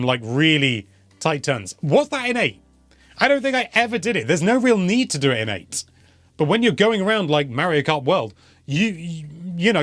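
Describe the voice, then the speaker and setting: The young host's voice is fairly high and fairly bright, recorded without echo, as he fields viewer questions on a casual live stream. He talks in a rambling, chatty way and regularly revises himself mid-sentence.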